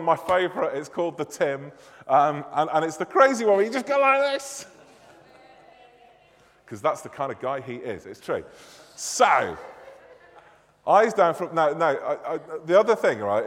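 Jokey Mancunian man in a reverberant church. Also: fairly high pitch. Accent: Northern English, Mancunian. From Manchester, England. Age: 30s. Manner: jokey, self-deprecating, chatty with the congregation. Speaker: church minister. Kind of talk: playful quiz at a church service. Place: church hall or nave.

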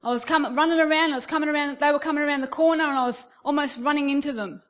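A middle-aged woman with an Australian accent preaching a sermon, telling stories in an animated way and acting out the voices of the people in them. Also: high voice, rapid-fire.

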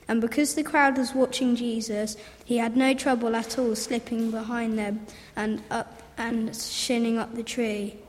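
A woman reading a children's story aloud in a lively, repeating storybook manner. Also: on the high side, unhurried, slight background noise. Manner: lively, repetitive storybook phrasing. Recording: roomy hall reverb.

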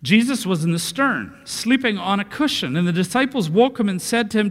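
A man preaching a sermon in a church, expressive and dropping to a hush for quoted words. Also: high-pitched, a little fast, few pauses, long reverb tail. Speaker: pastor.

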